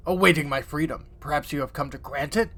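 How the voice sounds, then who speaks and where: A man voicing a towering, scheming male demon in a game, reading its lines slowly and grandly. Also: fairly high pitch, fairly bright tone. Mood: menacing. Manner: slow, measured, grandiose delivery. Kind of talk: game dialogue read aloud.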